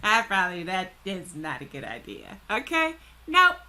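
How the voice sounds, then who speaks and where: A woman hosting a reaction video, giving casual, animated comments between clips. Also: mid-range voice, moderate pace. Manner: animated, laughing interjections.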